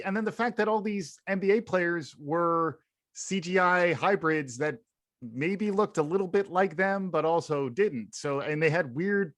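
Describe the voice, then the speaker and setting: A man's voice: on the high side, a bit bright, no echo. A man co-hosting a podcast, giving his opinions in a playful, riffing way. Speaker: podcast co-host. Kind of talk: casual podcast chat.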